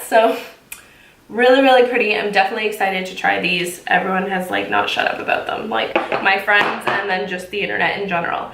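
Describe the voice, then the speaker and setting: A woman's voice: medium pitch, expressive, normal speed, fairly bright tone, distant mic, slight background noise. A young woman chatting casually through a makeup unboxing, gushing and bubbly, dropping lots of "like". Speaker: beauty vlogger. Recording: echoey room, voice a little off-mic.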